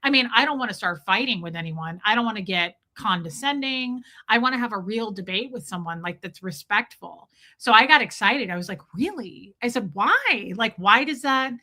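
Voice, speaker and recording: Talking a little fast with few pauses, this streamer has a medium-pitched voice that sounds pushed and bright. It's a casual, candid livestream chat where she curses freely and calls out viewers by name mid-story.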